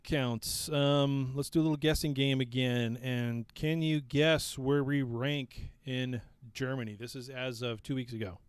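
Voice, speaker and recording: Chatty male podcast host, smooth dry voice. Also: mid-range voice, fairly even intonation, unhurried, few pauses, dry recording. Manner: laughing easily, chatty and upbeat. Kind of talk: casual podcast chat.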